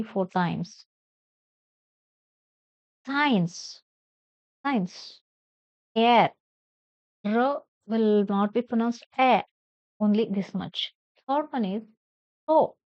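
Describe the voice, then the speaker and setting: A woman's voice: on the high side, darkish tone, dry recording, muffled recording. A woman teacher with an Indian English accent, giving a classroom pronunciation lesson and spelling words out letter by letter. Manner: repeats words slowly, spells them out letter by letter.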